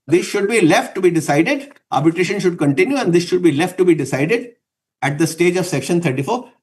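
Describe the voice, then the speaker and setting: A man making formal submissions to a court, insistent, restating legal tests in short repeated clauses. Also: on the high side. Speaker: advocate arguing before a court.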